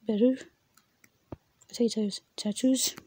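Slow, husky woman reading vocabulary aloud. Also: a little high, fairly even intonation, mellow. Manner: repeats words, stumbles and laughs at herself. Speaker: language learner reading from her exercise book.

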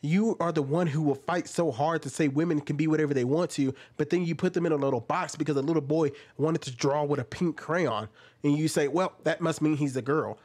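A man's voice: fairly high pitch, fairly even intonation, fairly quick, a little mellow. A young man giving reaction commentary, arguing with a string of rhetorical questions.

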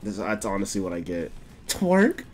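A young man streaming a game, chatting casually, swearing often and breaking into laughter and excited outbursts. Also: fairly low pitch, normal speed, soft background music. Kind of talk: casual gameplay commentary.

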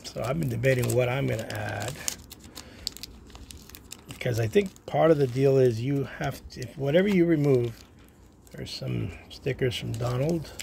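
A man's voice: mid-range voice, vocal fry, a little mellow. A man casually chatting to viewers as he unpacks a box of baseball cards, talking to himself and dropping into whispers. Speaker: card collector vlogger. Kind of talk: casual unboxing chat. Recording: noisy home recording.

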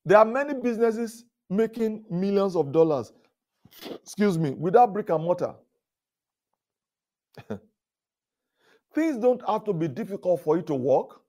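A male pastor giving a leadership talk at a conference, telling stories with chuckles and repeated words, often rising loud for emphasis. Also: high voice, animated, unhurried, pauses often. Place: conference stage before an audience.

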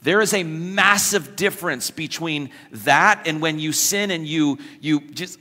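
A man's voice: on the high side, measured pace, hardly any pauses, sharp tone. A man preaching a sermon as pastor, joking with the congregation and acting out quoted voices. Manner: acts out quoted voices with humorous asides. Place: church. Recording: long church hall reverb.

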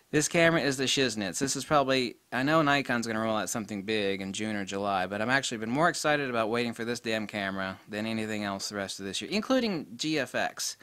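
Middle-aged guy ranting casually about a camera, crisp clear voice, blunt, swears a bit. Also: mid-range voice, no room sound. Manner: blunt, excitable, peppered with mild swearing. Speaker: camera reviewer. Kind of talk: casual spoken product review.

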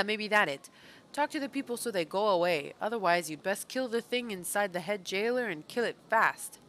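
A woman's voice: mid-range voice, fairly bright tone, a little hiss or hum, close to an everyday voice. A woman voicing a cowed male lackey from a fantasy game, a former pit king who talks in broken, verbless sentences. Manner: broken grammar, dropped verbs.

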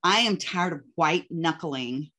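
Older female host, deep-ish voice, warm candid chat over a video call. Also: measured pace. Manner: emotional, laughs often, animated retelling. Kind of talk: casual interview chat.

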